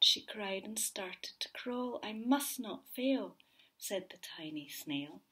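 A woman teacher reads a children's picture book aloud at a slow, unhurried pace. Her voice is a little husky and she often sinks into soft whispers as she talks to the young listeners. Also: medium pitch, animated. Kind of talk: read-aloud storytelling for children.

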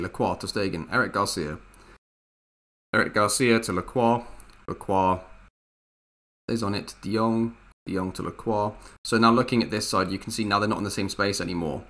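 A man's voice: lowish voice, bright, forceful tone. A man giving frustrated, thinking-aloud commentary over a football management game, swearing now and then. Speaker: gaming youtuber. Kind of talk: gameplay commentary.

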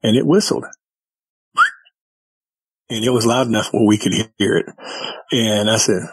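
A man with a lowish, breathy voice, unhurried and pausing often, is a guest giving a casual, vivid retelling of a story, voicing what others said. It's a rough recording without room sound.

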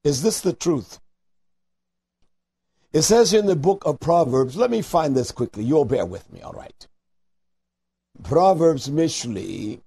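A man preaching on a call-in radio show, fiery, swinging from near-shouts to low, slow scripture reading laced with Hebrew terms. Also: vocal fry, husky. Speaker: radio preacher taking calls.

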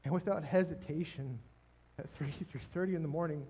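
A man's voice: fairly high pitch, dark tone, breathy edge. Emotional man giving a sermon testimony. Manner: emotional, halting storytelling with restarts. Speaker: pastor. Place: church stage.

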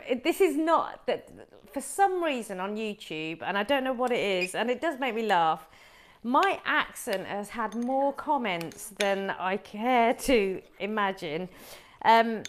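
A woman's voice: a little high, animated, measured pace. A middle-aged woman from Wolverhampton, England, hosting a live cooking show and chatting to viewers as she explains each step.

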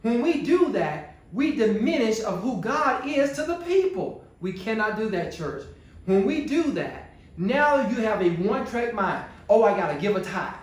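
Male pastor, high voice, sermon with rhetorical questions, heavy church echo. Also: very animated, measured pace. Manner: call-and-response preaching, rhetorical questions. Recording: very echoey church room.

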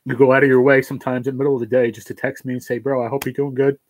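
A man hosting a livestream, crying and thanking his viewers in a heartfelt, halting way. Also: mid-range voice, level tone. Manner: tearful, heartfelt, halting with restarts. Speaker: livestream host reading chat. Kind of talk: emotional livestream chat.

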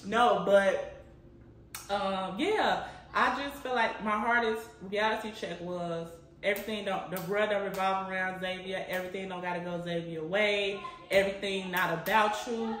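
Answering viewer questions in an echoey room, a young Chicago woman talks casually to camera, laughing frequently and dropping "you know what I'm saying." Her mid-range voice is animated, pushed and bright, unhurried with frequent pauses.

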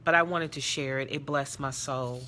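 A woman's voice: very deep voice, steady tone, moderate pace, bright, forceful tone, slight background noise. Earnest woman telling a story live. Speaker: character development teacher and speaker. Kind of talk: live social media talk.

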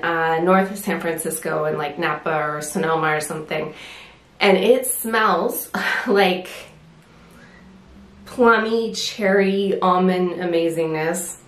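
Slow-talking winded woman reviewing beauty products. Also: on the low side, roomy sound. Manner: chatty, lots of fillers and restarts. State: a little winded. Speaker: beauty vlogger.

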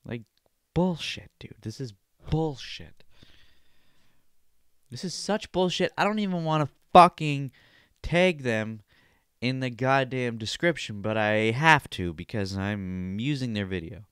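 A man's voice: medium pitch, expressive, measured pace, a bit bright, clean tone, dry recording, clean studio sound. A man hosting a podcast, ranting with exasperated, profane commentary about a video and mocking the people in it. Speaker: podcast host.

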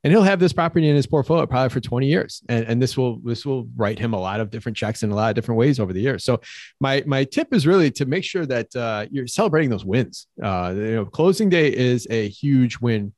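A man's voice: mid-range voice, lively intonation, fast, darkish tone, dry recording, clean studio sound. A man co-hosting a podcast as a real estate broker, talking enthusiastically in rambling runs with frequent restarts. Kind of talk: casual podcast chat.

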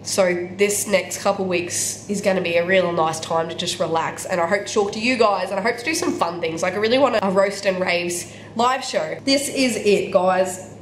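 A woman's voice: medium pitch, normal speed. A woman with an Australian accent, chatting candidly in a casual book vlog while sick with a cold, repeating words for emphasis. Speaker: book vlogger. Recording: echoey room with faint background noise.

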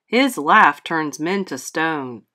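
Woman doing a slow booming monster dad. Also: animated, pushed and bright, heavily acted. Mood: stern. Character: gruff monster father, stern and proud.

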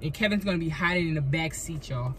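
A woman vlogger, chatting casually and loudly over music. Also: low voice, fast, a little hiss or hum. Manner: lively, slangy, loud hype intro. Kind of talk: casual prank vlog chat.

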